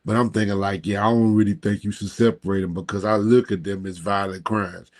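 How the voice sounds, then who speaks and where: A man commentating on a live stream, mocking and sarcastic, his voice jumping up high when he scoffs and talking straight at his audience. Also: level tone, a little fast. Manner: talks directly to the audience. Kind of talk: reacting to a replayed live stream.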